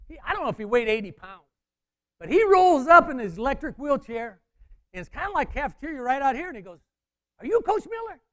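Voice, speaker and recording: A former wrestling coach telling a story to an audience, acting out the dialogue in an animated way. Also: male voice, very high-pitched, fast. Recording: hall reverb.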